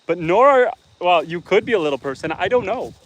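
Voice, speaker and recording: A fairly high-voiced middle-aged man from Canada hosts a live stream from his farm. He chats outdoors among his animals in an easygoing, teasing way, and farm animals can be heard behind him. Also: animated, a little fast, a little hiss or hum, low-quality recording. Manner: easygoing, chatty, teasing viewers. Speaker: homestead livestreamer. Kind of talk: casual live-stream chat reading viewer comments.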